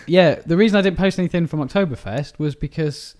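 A man co-hosting a casual comedy podcast, relaxed and quick to laugh while defending himself. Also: on the high side. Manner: laid-back, laughs easily, defensive. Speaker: podcast co-host.

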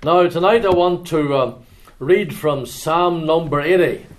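A man with an Ulster accent preaching in a church, chatting with anecdotes and then reading scripture in a measured, solemn way. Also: fairly high pitch. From Northern Ireland.

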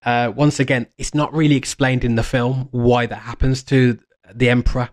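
A man giving a casual fan explainer monologue, meandering and restarting mid-phrase with enthusiasm. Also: medium pitch. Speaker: fan commentator.

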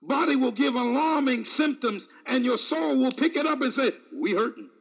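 A man preaching a sermon in a dramatic manner, swinging between shouts and hushed asides and chuckling often between phrases. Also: very high voice, moderate pace, gravelly, husky.

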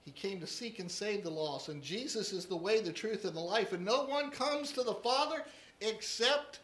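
Bright-voiced preaching man in an echoey room. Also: sits high, animated, normal speed. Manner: emphatic, repeats key phrases. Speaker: pastor. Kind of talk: sermon.

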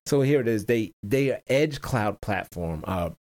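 A man's voice: on the low side, animated, unhurried, darkish tone. A man hosting a casual stock-trading video, talking over his screen in a rambling way, often repeating words, backtracking and chuckling between points. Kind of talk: casual screen-share market commentary.

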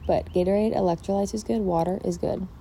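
A woman's voice: medium pitch, fairly even intonation, fairly quick, gravelly, dark tone. A young woman hosting a casual podcast, rambling and swearing freely with lots of fillers, recorded outdoors in a backyard. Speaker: podcast host. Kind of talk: casual chat. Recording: faint outdoor background noise. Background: outdoor ambience.

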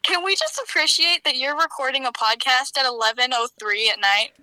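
A woman's voice: sits high, fairly quick, pushed and bright, a little hiss or hum, poor audio. A young woman chatting casually as a podcast guest, talking over a call and filling her sentences with "like". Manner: chatty, says "like" often. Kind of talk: casual chat.

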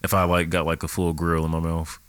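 A man's voice: low-pitched, monotone, fairly quick, a bit bright. A man co-hosting a podcast, rambling and restarting as he searches for words in casual chat. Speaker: podcast co-host.

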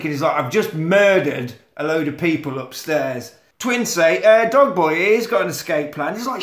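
Man, high voice, podcast co-host, swearing, animated retelling, echoey room. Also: normal speed, few pauses. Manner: swearing, animated storytelling, acting out quotes. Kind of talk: casual film recap chat.

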